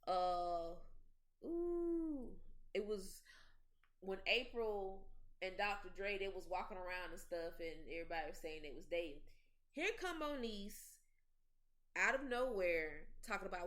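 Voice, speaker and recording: Woman hosting a gossip podcast, lively storyteller, middle-pitched voice, acts out what folks said. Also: measured pace. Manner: animated storytelling, mimics the people she talks about. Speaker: podcast host. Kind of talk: casual gossip chat.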